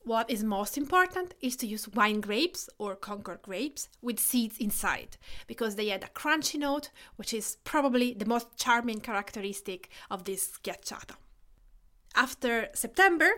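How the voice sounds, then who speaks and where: A woman from Tuscany with an Italian accent, in her thirties, hosting a cooking podcast in a measured, scripted narration that lists things in short phrases. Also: fairly high pitch, animated, fairly bright tone. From Tuscany, Italy. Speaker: podcast host and cook.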